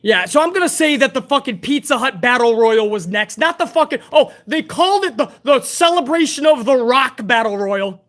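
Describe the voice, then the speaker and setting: A woman's voice: sits high, lively intonation, moderate pace, few pauses. A woman hosting a live wrestling review stream, ranting bluntly and heatedly with plenty of profanity. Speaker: wrestling show host.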